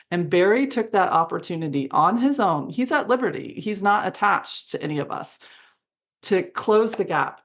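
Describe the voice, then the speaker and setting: A woman guest in an interview, telling a story animatedly and acting out the dialogue. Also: on the low side. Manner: animated, acts out quoted dialogue with laughs.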